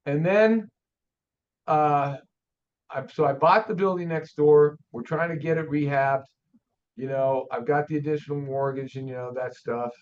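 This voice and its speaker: An older man, an auto shop owner, telling a story in a folksy, animated way as a guest on an interview show. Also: a little high, moderate pace. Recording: dull lo-fi audio.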